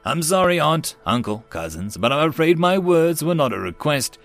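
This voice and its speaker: A man voicing an alien noble who speaks in a formal, quietly menacing way. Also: a little high, sing-song, normal speed, faint music behind, voice pushed up.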